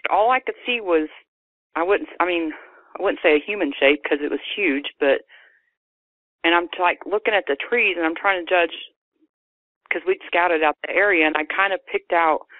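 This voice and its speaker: A woman's voice: deep voice, no echo. A woman calling in, telling a personal story in a rambling way, full of restarts and quoting herself. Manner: rambling, many restarts and self-quotes. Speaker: caller telling an encounter. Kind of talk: personal story on a phone call. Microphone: telephone. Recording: tinny phone line.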